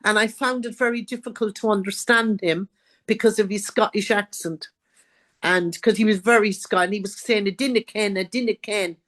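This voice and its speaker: Woman, Irish accent, interview guest, storytelling, acts out quotes, middle pitch. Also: normal speed. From Ireland. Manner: lively storyteller, acting out others' words. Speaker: guest author.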